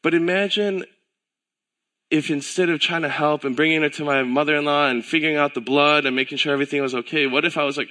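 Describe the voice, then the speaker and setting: Bright-voiced man preaching casually. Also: on the high side, fairly quick. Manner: relaxed storytelling with filler words and self-corrections; animated, acts out quoted voices. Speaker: pastor. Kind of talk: casual conversational sermon.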